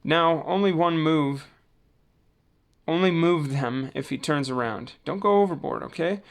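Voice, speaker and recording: A man voicing a worried, careful young male cup boy in a storybook reading, warning slowly and cautiously. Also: a little high, clean tone.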